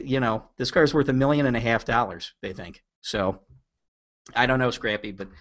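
A man's voice: mid-range voice, fairly bright tone. A man hosting a casual podcast, chatty and joking as he teases his co-host.

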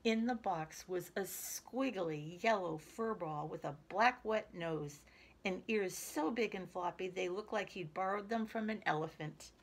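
A woman's voice: mid-range voice, measured pace, husky. Woman reading a picture book aloud. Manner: lively, expressive, speaks to children. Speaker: storyteller.

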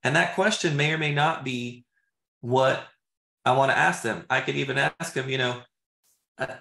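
A man talks through sales conversations in a relaxed, filler-heavy teaching style, with a gravelly edge to his voice. He sounds like an agent coaching colleagues, testing out his questions as he goes. The sound bounces around a roomy, echoey space. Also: medium pitch, normal speed, pauses often. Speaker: real estate agent and trainer. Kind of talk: casual teaching talk. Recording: roomy echo.

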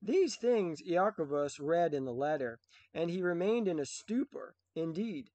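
A man narrating a saint's life in a measured, solemn reading of archaic English. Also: fairly high pitch, animated, dark tone, no room sound, highs cut off.

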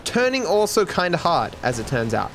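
Young man, gaming streamer, swearing, lively swooping pitch, faint music behind. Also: moderate pace. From Australia. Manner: animated, swearing, excitable. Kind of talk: live gameplay commentary.

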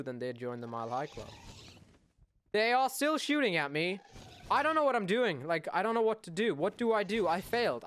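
A young man in his late teens giving casual gameplay commentary, swearing a lot and swinging between loud outbursts and mumbled asides. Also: a little high. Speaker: gaming YouTuber.

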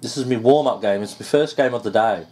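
A man giving excited gameplay commentary, groaning at setbacks and swearing now and then. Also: medium pitch, brisk. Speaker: gaming YouTuber.

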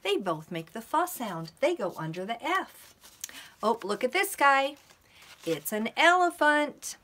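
Woman, preschool teacher, sing-song, very lively pitch, slow delivery. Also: slight background noise. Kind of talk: preschool lesson to camera.

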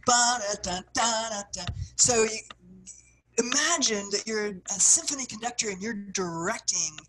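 A woman of middle pitch leads a writing workshop, talking her listeners through exercises and acting out what she describes. Her phrases swell and then trail off softly, and a faint hiss with light clicks sits under the recording. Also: poor audio. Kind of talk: guided workshop instruction.

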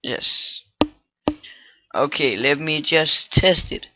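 A man thinking aloud through a casual coding tutorial, halting with many fillers and restarts, on a low-quality microphone. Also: dry recording, lo-fi sound. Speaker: scripting tutorial maker. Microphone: cheap computer microphone.

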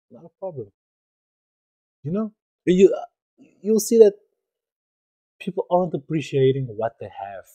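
A man's voice: a little high, big pitch swings, measured pace, long pauses, warm tone, no echo, low-quality recording. A young man hosting a podcast, telling a true story in an earnest, rambling way, with many fillers and repeated phrases. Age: young adult. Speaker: podcast host. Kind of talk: storytelling monologue.

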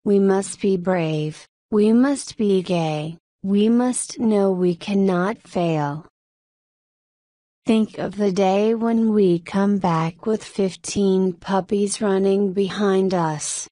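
A woman's voice: medium pitch, slow, mellow, no room sound, clean studio sound, lightly acted. A woman reading the part of a brave, loving male dalmatian father, speaking steadily and encouragingly.

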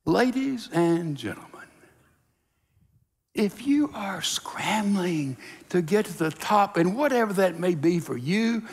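A man's voice: sits high, lively intonation, takes it slowly, breathy edge, big-room sound. A man preaching a sermon to a congregation, telling stories and acting out the voices in them. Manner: storytelling preacher, acts out voices in dialogue. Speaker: pastor. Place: church sanctuary.

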